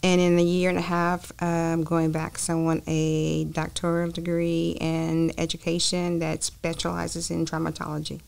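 A woman speaks as a podcast guest in a low voice with a gravelly edge. She tells her story in an animated, expansive way. The pace is relaxed and conversational. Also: measured pace, hardly any pauses. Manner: animated storyteller, talks at length. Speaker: interview guest, foundation founder. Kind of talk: casual interview talk.

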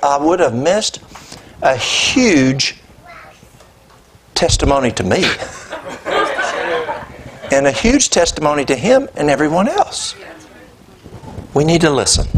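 A man preaching a sermon, telling a personal story in a conversational, animated way. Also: on the high side, a little hiss or hum. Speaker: pastor. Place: church.

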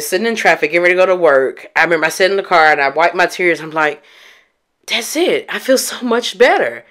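Candid woman podcaster, bright voice. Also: lowish voice. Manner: candid, emphatic, addresses listeners as y'all. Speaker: podcast host. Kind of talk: personal storytelling monologue.

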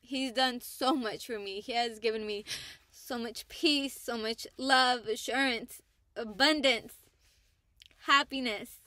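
A woman vlogger giving a casual, heartfelt personal testimony about her faith, in a slangy style with pauses and restarts. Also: on the high side, steady tone, bright, forceful tone, dry recording. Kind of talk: candid personal testimony to camera.

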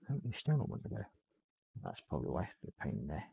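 A man hosting a live hobby stream, hoarse and losing his voice, casually talking through a miniature build and apologising. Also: low-pitched, huge pitch swings, fast, warm tone, no echo. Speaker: hobby livestream host.

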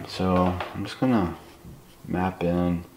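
A man quietly talking through a live portrait drawing in his apartment, soft-spoken with nervous asides. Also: low voice, fairly even intonation, slow, echoey room, a little hiss or hum. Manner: soft-spoken, murmured, self-conscious asides. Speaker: artist demonstrating drawing. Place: apartment room, indoors.

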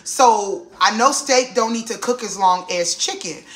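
Woman, casual cooking vlog host, assertive and loud, recorded in a roomy kitchen. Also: on the high side. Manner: loud, assertive, quick to laugh. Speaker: vlogger. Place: home kitchen. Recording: echoey kitchen with clattering pots.

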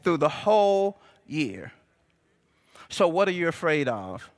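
A man preaching a sermon as pastor, calling out to the congregation and building to shouts. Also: on the high side, sing-song, takes it slowly. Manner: call-and-response preaching, rising to shouts. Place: church sanctuary.

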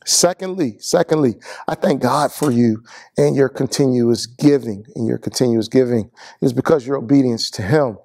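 A man preaching as pastor, giving announcements and a closing benediction, earnest and repetitive, going slightly hoarse. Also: mid-range voice, a little mellow, dry recording, clean studio sound. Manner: earnest, repeats words, rising to a fervent benediction. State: losing his voice.

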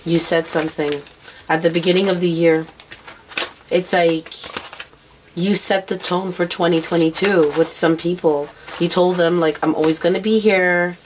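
A woman's voice: fairly low pitch, level tone, normal speed, a little hiss or hum, low-quality recording. A woman giving a casual tarot reading to camera, rambling through what she senses, her voice worn out and tired. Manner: intuitive, rambling, mutters what she hears. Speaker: tarot card reader.

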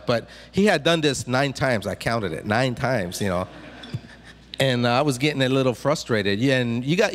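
A man's voice: medium pitch, a little hiss or hum. Storytelling man in a reverberant hall. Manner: chatty, addresses the audience with frequent "right?"; many restarts and repeated words. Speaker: motivational speaker to students. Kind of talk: humorous personal storytelling. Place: large hall, speaking to a student audience.

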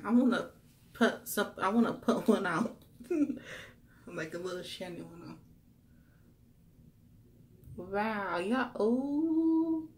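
A woman's voice: fairly low pitch, slow pace, pauses often. A young woman in a casual unboxing vlog, gushing over gifts and a little teary. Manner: gushing, exclaims "wow" often, addresses viewers as y'all. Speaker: vlogger.

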